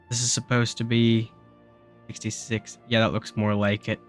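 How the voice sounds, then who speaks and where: A man's voice: fairly low pitch, fairly even intonation, a little fast, soft background music. A young man casually talking and swearing at his mistakes while building a spaceship in a game. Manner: swears freely, grumbles and exclaims at mistakes; rambling storytelling with filler words.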